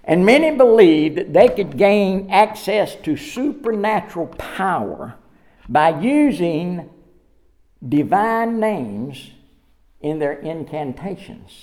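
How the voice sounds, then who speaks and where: A man's voice: high voice, big pitch swings, slow, a little mellow. A middle-aged man preaching a sermon, telling folksy stories with frequent laughter. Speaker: pastor.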